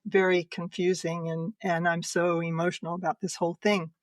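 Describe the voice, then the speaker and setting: An older woman, a podcast guest, earnestly and emotionally telling a personal story, laughing softly between sentences. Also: fairly low pitch, flat delivery, moderate pace, no room sound.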